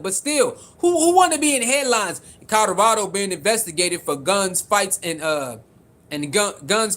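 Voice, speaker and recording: A man with a high-pitched voice and streams casual sports commentary. He is animated and repeats himself for emphasis, calling out viewers by name as he reads their comments. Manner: animated, repetitive, talks straight to viewers.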